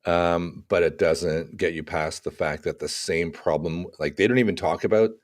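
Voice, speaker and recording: A man co-hosting a casual tech podcast, talking through examples in an animated way with acted-out asides. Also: low-pitched, normal speed. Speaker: podcast co-host.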